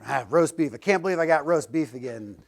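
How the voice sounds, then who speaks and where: A man's voice: on the high side, expressive, brisk, creaky. A man voicing a construction worker in a joke, grumbling and exasperated about his lunch. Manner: complaining, exasperated.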